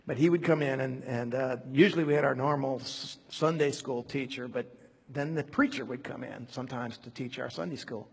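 A man preaching a conversational sermon, animated and digressive, with many fillers and restarts. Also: mid-range voice, a little fast, breathy edge, long reverb tail. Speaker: preacher teaching a Bible study.

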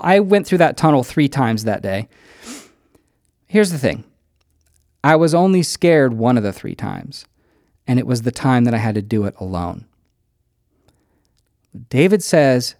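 A man preaching a sermon, telling a personal story with animated delivery and acting out quoted lines. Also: mid-range voice, no room sound, clean studio sound. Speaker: pastor.

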